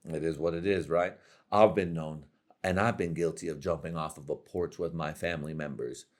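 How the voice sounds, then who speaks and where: A man's voice: a bass voice, steady tone, normal speed. A young adult man hosting his own show, rambling through a crude, profane comedic monologue full of slang and frequent laughter. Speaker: podcast host.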